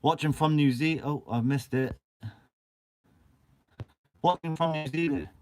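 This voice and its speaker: Fishing-channel host, young man from Guernsey, bubbly live-chat banter, slightly high voice. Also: a little slow, a little mellow. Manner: chatty and upbeat, swears casually. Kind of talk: casual live-stream chat. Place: shed.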